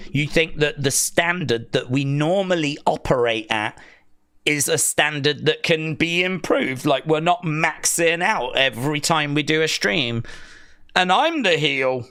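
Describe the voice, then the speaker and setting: A man hosting a live wrestling watch-along, answering chat with jokey, sarcastic teasing and sudden loud outbursts. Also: medium pitch. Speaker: live stream host.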